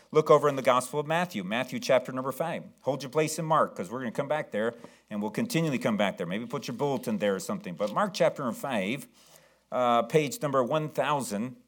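A man preaching a sermon as pastor, slowing down to read verses aloud and calling on the congregation to answer. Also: mid-range voice. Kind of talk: sermon with scripture reading.

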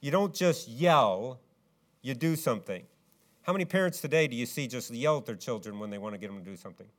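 A male pastor delivering a sermon, full of rhetorical questions, swinging between loud, emphatic rises and quiet, low stretches. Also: animated, fairly quick.

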